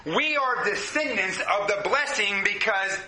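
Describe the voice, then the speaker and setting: Preaching with passion to his congregation in a church hall, this pastor uses a high-pitched, bright, forceful voice. His intonation is lively yet his pace stays unhurried, and the recording carries the echo of a roomy hall.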